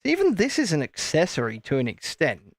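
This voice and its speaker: A man's voice: fairly high pitch, huge pitch swings, a little fast, no echo. Chatty British man, dry close sound. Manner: chatty, playful, often stops and restarts sentences. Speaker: live-stream host. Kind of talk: casual chat while building Lego live.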